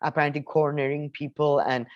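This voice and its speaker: A man's voice: fairly high pitch, brisk, no echo, lo-fi sound. Rambling male co-host, dry sound. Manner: rambling with many restarts, animated asides. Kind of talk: casual film review chat.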